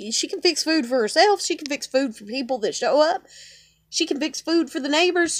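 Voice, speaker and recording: Woman, high voice, cursing and rambling, dry close sound. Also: no room sound. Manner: profane, rambling, heated. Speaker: vlogger. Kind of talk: angry venting monologue.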